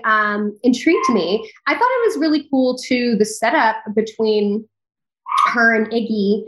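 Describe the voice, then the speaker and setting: Female actor guest, New York accent, slightly high voice, laid-back chatty delivery. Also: a bit bright, low-quality recording. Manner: easygoing, reflective, peppered with "like" and "you know". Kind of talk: casual interview chat.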